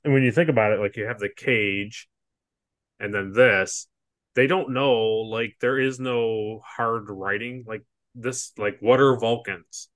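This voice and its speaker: Here is a man with a crisp, bright voice at an ordinary pitch, talking through an old TV episode in a casual podcast chat. He laughs a lot and slips into the characters' lines as he goes. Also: steady tone, unhurried. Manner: laughs often, acts out quoted characters. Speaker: podcast co-host.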